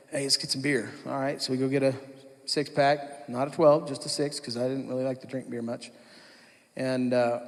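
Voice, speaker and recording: A man in his thirties recounts his testimony in a loose, conversational way, full of restarts and asides. His voice sits in an ordinary middle pitch. The sound rings with the long reverb of a large church hall. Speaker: speaker giving a testimony. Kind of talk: personal testimony talk.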